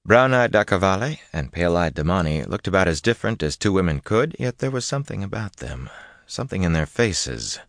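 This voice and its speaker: Very deep-voiced male audiobook narrator. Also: big pitch swings, brisk, fairly bright tone, no room sound, clean studio sound. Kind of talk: scripted narration.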